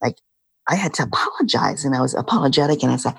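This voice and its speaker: Middle-aged female guest, husky with a gravelly edge, reflective and halting, dry recording. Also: extremely low pitch, lively intonation, no room sound. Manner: halting, reflective, many fillers. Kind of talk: casual interview talk.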